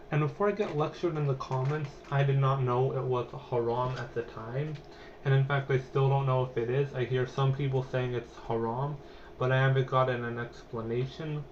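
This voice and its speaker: A young podcast host tells a personal story in a chatty, meandering way, full of fillers. His voice is mid-range and a little mellow, with lo-fi sound and slight background noise.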